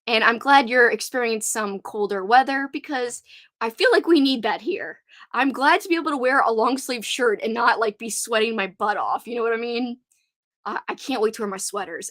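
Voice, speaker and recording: Young woman, Cajun accent, giggly rambling livestream host, slightly high voice, dry close sound. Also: fairly bright tone, no room sound. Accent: Cajun Louisiana. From Louisiana. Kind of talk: casual livestream chat.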